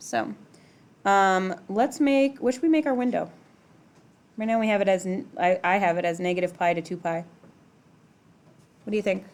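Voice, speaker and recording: A woman's voice: mid-range voice, moderate pace, long pauses, darkish tone. A middle-aged woman teaching a math class in a classroom, talking casually, using "like" a lot and asking the students questions. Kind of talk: classroom lecture.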